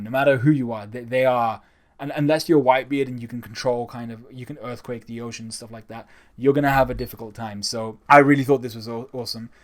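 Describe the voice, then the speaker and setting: Guy doing a casual comic chapter review, excited and chatty, mid pitch voice. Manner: enthusiastic and conversational. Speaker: manga reviewer.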